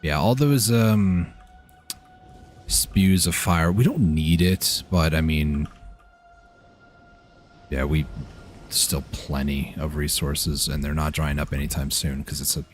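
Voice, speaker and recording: A man's voice: extremely low pitch, takes it slowly, pauses often, faint music behind. A man streaming a game, talking casually to himself as he plays. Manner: relaxed, muttering to himself while playing. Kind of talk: casual gameplay commentary.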